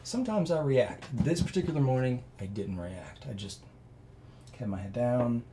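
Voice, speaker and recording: Earnest male guest, rambling storyteller, middle pitch, a bit of room noise. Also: moderate pace. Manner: earnest, rambling, with many fillers and restarts; grows loud and animated when telling emotional parts. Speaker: interview guest. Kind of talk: personal storytelling in a conversation.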